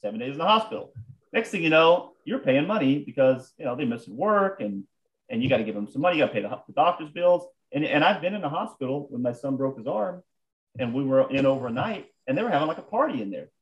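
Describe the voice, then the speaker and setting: Animated American man telling stories. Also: fairly high pitch, quick pace, highs cut off. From United States. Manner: animated storyteller with frequent restarts. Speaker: guest businessman. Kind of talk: casual conversational storytelling.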